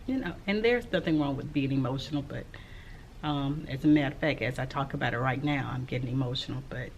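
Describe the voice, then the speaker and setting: A middle-aged woman, an elementary school teacher, talking casually to camera in a slow, soft-spoken, reflective way with frequent pauses. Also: a bass voice, slight background noise. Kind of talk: casual vlog talk to camera.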